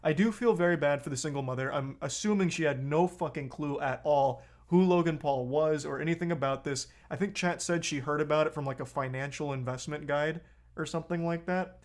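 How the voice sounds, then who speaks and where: A man's voice: a little high, brisk. A man reacting to a video on a live stream, blunt and profane, getting heated as he talks.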